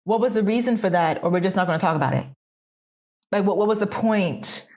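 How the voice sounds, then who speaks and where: A woman's voice: medium pitch, fairly quick, a little mellow. A woman co-hosting a podcast, talking through a film in a thoughtful, questioning way. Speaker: podcast co-host. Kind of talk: casual conversational film discussion.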